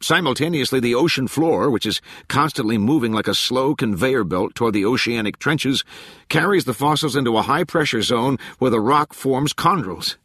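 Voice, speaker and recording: Audiobook reading: man playing an eager scientist lecturing quickly, raised pitch. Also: dry recording, clean studio sound. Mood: excited. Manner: fast, excited lecturing. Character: eager male marine scientist, enthusiastic explainer.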